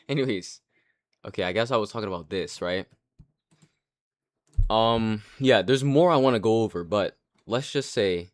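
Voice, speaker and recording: A young man giving casual commentary, rambling and excitable, with frequent restarts and casual swearing. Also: mid-range voice. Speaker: anime commentary creator.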